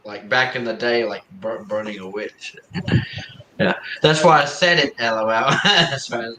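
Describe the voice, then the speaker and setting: A man's voice: medium pitch, measured pace. A man hosting a live stream, chatting casually, joking and laughing often while reading comments aloud. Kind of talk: casual chat. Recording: echoey room with faint ambient noise.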